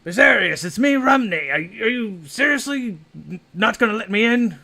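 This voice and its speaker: A man voicing a helpful male townsman who calls out loudly and insistently. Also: fairly high pitch, moderate pace, creaky. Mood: calling out. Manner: loud, calling out insistently.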